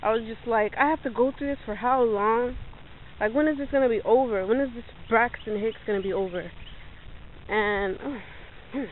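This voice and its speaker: A young woman telling a story in a casual vlog, animated, acting out what people said and laughing often, filmed on a handheld phone. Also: a little high, moderate pace. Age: young adult. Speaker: vlogger. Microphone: phone held in hand. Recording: tinny phone-like audio, faint noise.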